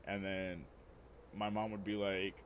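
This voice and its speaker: Low-voiced young man telling rambling stories. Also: flat delivery, unhurried, slight background noise. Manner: rambling, profane, laughs at his own stories. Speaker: streamer. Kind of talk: casual storytelling.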